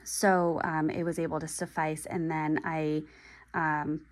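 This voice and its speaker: A young woman making a relaxed, chatty vlog about her pens and inks, pausing now and then as she writes. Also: low voice. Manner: chatty and relaxed, with pauses while writing. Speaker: pen and planner video creator. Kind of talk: casual vlog talk while writing.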